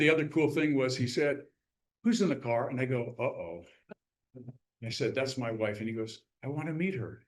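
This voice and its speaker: A man speaking as a guest author at a club meeting. He tells a story with animated energy and acts out what people said. His voice sounds roomy, with a noticeable echo from the room around him. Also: fairly low pitch, fairly quick. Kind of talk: casual storytelling talk.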